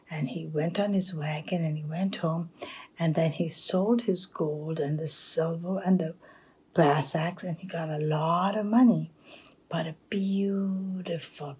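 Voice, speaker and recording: A woman telling a folktale aloud, narrating in a hushed, half-whispered way with pauses. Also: on the low side, breathy edge. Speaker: storyteller. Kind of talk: oral storytelling.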